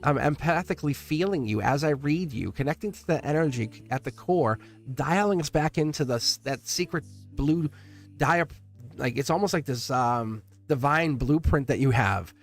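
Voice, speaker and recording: A middle-aged man hosting a live tarot reading stream, talking warmly and at length to his viewers, rambling with frequent restarts and laughs. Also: on the high side, lively intonation, moderate pace, soft background music. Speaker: live tarot reader and channel host.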